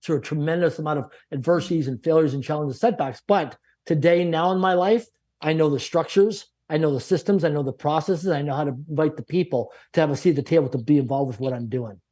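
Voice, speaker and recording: A middle-aged man from Canada, a guest on an interview show, telling his story in an energetic motivational way with emphatic, punchy lists and acted-out dialogue. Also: fairly high pitch, quick pace.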